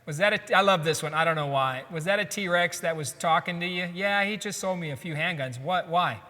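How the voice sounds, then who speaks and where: Male host, high bright voice, jokey and laugh-prone, hall reverb. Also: brisk. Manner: laughs often, upbeat and joking. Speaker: podcast host. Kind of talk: casual chat reading memes aloud.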